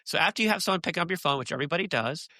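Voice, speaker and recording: A man, a podcast guest, talking casually and telling animated stories. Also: a little high, rapid-fire, no room sound. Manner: chatty storyteller, animated and laughing.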